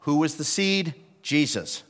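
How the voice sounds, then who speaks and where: A male pastor giving a sermon, swinging between hushed lines and loud emphatic ones. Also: fairly high pitch, expressive, unhurried. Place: church sanctuary. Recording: long hall reverb.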